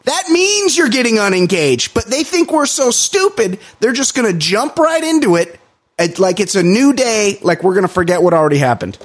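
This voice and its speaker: A man co-hosting a casual podcast, his voice pitched a touch high and sitting close and dry with no room sound. He rants emphatically, swears now and then and gets heated as he makes his point. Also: moderate pace, no room sound. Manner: animated, ranting, emphatic with swearing. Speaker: podcast co-host.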